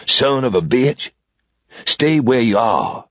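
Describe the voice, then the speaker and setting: A gruff old Southern man with a cool, slow drawl and a foul mouth, as a male narrator puts him on. His voice is pitched noticeably higher than the reader's own, and it sounds thinner and farther off. The audio is dull and lo-fi. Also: sing-song, a bit bright, no room sound, exaggerated voice. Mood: menacing. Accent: Southern American drawl. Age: 60s.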